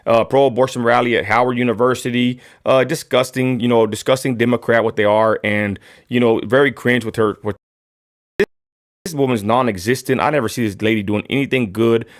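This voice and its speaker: Excitable West Texas stream host. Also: male voice, medium pitch, a little fast. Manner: casual, slangy, excitable. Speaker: show host. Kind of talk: live political chat stream.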